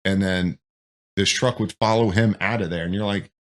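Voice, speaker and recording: A man's voice: low-pitched, normal speed. A man, a military veteran, telling profane stories from deployment in a casual podcast chat. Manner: profane, animated war storytelling.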